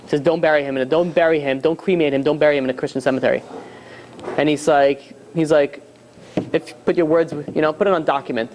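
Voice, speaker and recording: Fast-talking rabbi telling a story. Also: male voice, fairly high pitch, slight background noise. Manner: animated storyteller acting out dialogue, many restarts.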